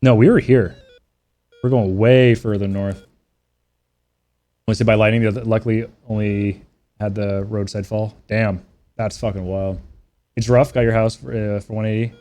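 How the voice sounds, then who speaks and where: A man's voice: on the low side, steady tone, normal speed, long pauses, warm tone. A man streaming a flight simulator, trading loose, profane banter with his chat and making short radio calls to teammates.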